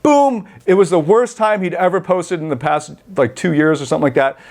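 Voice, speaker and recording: A man hosting a coaching podcast, telling a story in a rambling, animated way with many self-corrections. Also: a little high, a little fast. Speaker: podcast host and life coach. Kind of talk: storytelling monologue.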